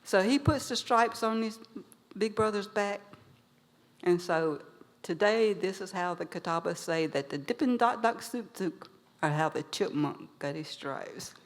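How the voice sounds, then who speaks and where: A woman storyteller telling a traditional animal tale to a live audience, animated and lively. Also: mid-range voice, unhurried. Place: museum event hall. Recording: long hall reverb.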